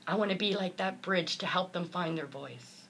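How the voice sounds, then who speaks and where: A woman's voice: on the low side, moderate pace, fairly bright tone, a little hiss or hum. A woman motivational speaker, earnest and heartfelt, telling a personal story in an interview and acting out the voices of the people in it.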